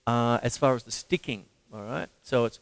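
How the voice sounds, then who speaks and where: A man with an Australian accent giving a casual, jokey drum lesson and counting the stickings out loud. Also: mid-range voice, moderate pace, creaky, background noise. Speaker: drum teacher. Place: home drum studio. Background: loud drum kit playing.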